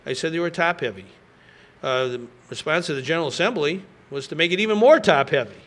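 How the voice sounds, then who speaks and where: A man's voice: fairly high pitch, expressive, quick pace, a bit bright. A man in his sixties, a state governor, answering reporters' questions at a press conference in an emphatic, folksy way with frequent fillers.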